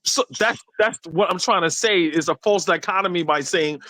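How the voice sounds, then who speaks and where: A man co-hosting a panel talk show, arguing emphatically with many quick restarts over a remote call. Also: high voice, pushed and bright, dry recording, poor audio. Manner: emphatic, argumentative, frequent restarts. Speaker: podcast co-host. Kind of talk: heated panel debate.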